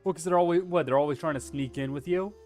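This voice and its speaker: A man with a Texan accent chats loosely with his stream, goofy and hammy, cursing freely and breaking into big yeehaw whoops. His voice sits a touch higher than most men's. Faint music plays underneath. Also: fast talker. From Texas. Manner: playful, hammy, swears freely, bursts into loud yeehaw whoops. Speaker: VTuber streamer. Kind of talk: casual livestream chat.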